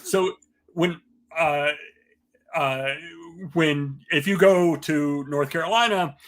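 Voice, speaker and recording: A man, a linguist guest, explaining in a measured, professorial way with frequent pauses and fillers. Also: a little high. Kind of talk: conversational explanation.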